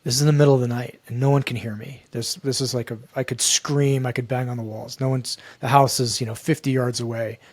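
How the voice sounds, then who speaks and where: A man, a guest on a podcast, telling a personal story in an earnest, halting way that repeats and restarts phrases. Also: medium pitch, little pitch movement, a little mellow, no echo. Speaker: guest, men's coach.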